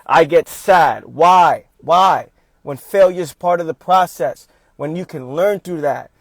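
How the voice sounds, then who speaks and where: A man's voice: high voice, a little mellow, no echo. A man giving a motivational talk on a livestream, speaking emphatically, repeating his points and calling his listeners "fam".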